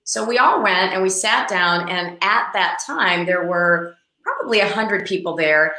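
Middle-aged female agent telling a lively anecdote in a roomy interview setting; crisp, bright tone, acts out the people in her story. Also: mid-range voice, measured pace. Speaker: real estate agent, guest. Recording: roomy echo.

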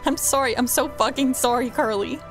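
A woman giving casual let's play commentary, chatty and laughing, often yelling profanities at characters. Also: high-pitched, a little fast, faint music behind. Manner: profane, yells at game characters. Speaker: gamer.

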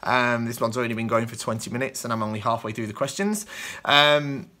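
A man's voice: medium pitch, fairly quick, pushed and bright. A British man from the UK hosting a kendo show, answering viewer questions in loose, rambling casual chat with many ums and restarts.

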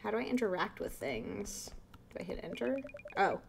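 A woman's voice: medium pitch, moderate pace, creaky, slight background noise. A young woman playing a video game, chatting casually and reading the on-screen text aloud. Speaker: let's play host.

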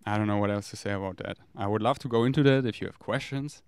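A man's voice: on the low side, fast, clean tone, no echo. A man talks in a candid, rambling, profane confessional monologue. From Germany. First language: German. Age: 30s. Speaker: vlogger.

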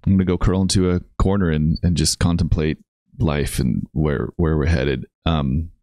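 A man hosting a casual reaction video, talking in an excitable, incredulous way and laughing often. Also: very deep voice, normal speed, no echo, studio quality. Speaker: YouTube reaction host.

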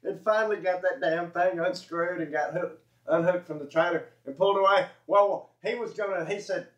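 Speaking at a moderate pace, a Southern man whose high voice has a bit of brightness tells a meandering tale about the farm. He laughs along and catches himself partway through sentences to fix what he said. The audio is dull and lo-fi, recorded in an echoey space.

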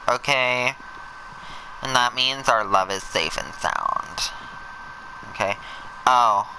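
Campy male let's-play host, over the top, leisurely pace, a very bright voice. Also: mid-range voice, creaky, a little hiss or hum, rough recording. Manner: sassy, camp, over-the-top; shouts bursts of excitement. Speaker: gameplay commentator.

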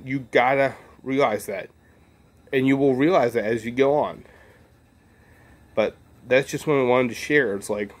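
A man talking earnestly in a casual motivational monologue, rambling and repeating himself with many fillers. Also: mid-range voice. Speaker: vlogger.

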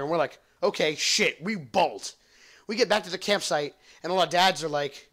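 A man's voice: on the high side, lively intonation, a little fast, fairly bright tone. Rambling, profane young man telling stories. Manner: rambling, profane, laughs at own jokes. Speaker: podcast host. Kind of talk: casual storytelling.

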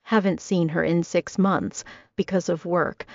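A woman reading an audiobook voices a tender, caring young man who talks in a soft, confiding way. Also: on the low side, steady tone, a little slow, gravelly, no room sound. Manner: gentle, hushed and confiding. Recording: dull lo-fi dry recording.

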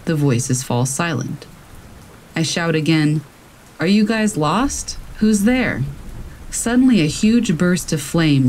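A man's voice: fairly high pitch, a little mellow, a little hiss or hum, low-quality recording. Man narrating scary stories over rain.

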